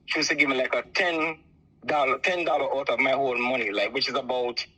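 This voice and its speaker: A man's voice: medium pitch, steady tone, fairly quick, pushed and bright. A Jamaican man calling in over the phone to tell a long personal story, rambling and repeating "so forth like that.". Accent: Jamaican, softened by years abroad. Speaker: caller. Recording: muffled phone line.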